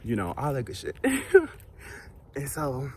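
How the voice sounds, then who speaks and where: A man's voice: medium pitch, lively intonation, unhurried, a little hiss or hum. A young man vlogger telling a casual storytime while walking outdoors, sassy and chatty with asides to his viewers.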